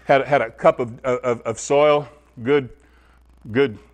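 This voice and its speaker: Speaking at a slow pace, this man preaches to his congregation face to face. His sermon is lively, moving from loud high bursts to soft, low-pitched asides.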